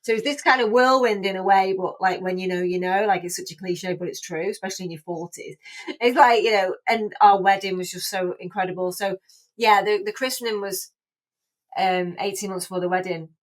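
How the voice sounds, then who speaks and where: A woman's voice: mid-range voice, a little fast. A woman in her forties tells her own story as a podcast guest. She talks in a loose, chatty way, restarting sentences and sprinkling in "like" and "you know", and she sounds openly emotional. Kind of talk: casual chat.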